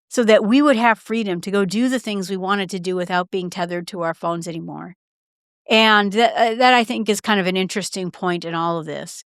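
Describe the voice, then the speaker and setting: Woman podcaster, talkative solo host, smooth resonant voice, close and dry. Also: medium pitch, no room sound. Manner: chatty, quick asides with fillers and restarts; acts out short quoted exchanges in her own voice. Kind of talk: casual solo podcast talk.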